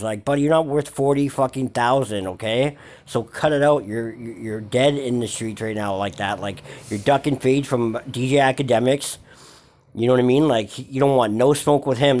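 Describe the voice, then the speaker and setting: A man with a medium-pitched, darkish voice hosts a hip-hop gossip vlog. His profane commentary is a mocking rant loaded with slang, swearing and fillers.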